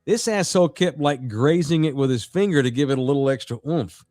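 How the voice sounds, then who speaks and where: A man's voice: fairly high pitch, brisk, no room sound. A man co-hosting a sports podcast, telling stories in a casual, profane way and acting out what others said. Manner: animated storytelling, profane, acts out quotes loudly. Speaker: podcast co-host.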